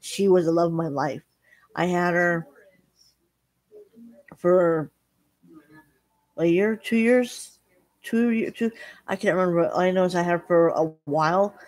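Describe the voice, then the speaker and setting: A middle-aged woman chatting casually to her viewers, telling a halting, rambling story full of restarts. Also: on the low side, darkish tone. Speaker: vlogger. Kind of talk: casual chat.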